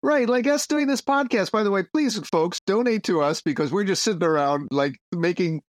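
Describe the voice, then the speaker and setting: A man, hosting a casual podcast and teaching Zen in an animated, jokey way. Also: sits high, moderate pace, no room sound, studio quality.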